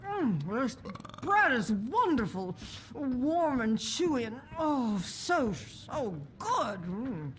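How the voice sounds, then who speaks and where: A woman's voice: sits high, sing-song, a little hiss or hum, exaggerated voice. A woman voicing a tavern guest in a fantasy video game who cannot stop eating, drawing out her words with relish. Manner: drawn-out, relishing. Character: gluttonous woman tavern guest savoring bread.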